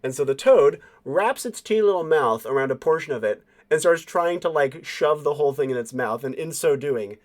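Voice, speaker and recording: A man narrating as game master of a tabletop role-play game in a relaxed, loose way. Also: a little high, fairly quick, few pauses.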